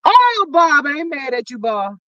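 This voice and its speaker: A lively streamer chatting casually and reading viewer comments aloud, with a sassy, teasing delivery. The pitch swings all over in an animated way. The sound is dull, lo-fi and very dry. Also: normal speed, no room sound. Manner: animated, sassy, drawling endearments. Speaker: live stream host.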